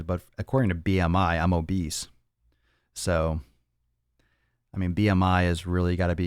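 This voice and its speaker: A man's voice: low-pitched, darkish tone, no echo, clean studio sound. A man hosting a casual fitness podcast and answering viewer questions bluntly, with profanity and lots of repeated, rambling phrasing. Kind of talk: casual livestream Q&A.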